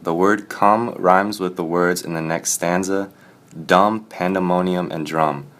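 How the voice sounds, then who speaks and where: A man reading a poem aloud and then presenting a poetry analysis for class in a plain, steady way. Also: low voice, measured pace.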